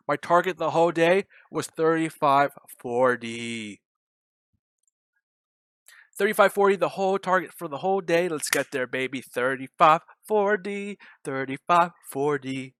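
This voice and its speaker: A young man giving loud, joking live commentary on his day trades, bantering and swearing with his chat. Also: a little high, clean tone, dry recording. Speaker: day trading streamer.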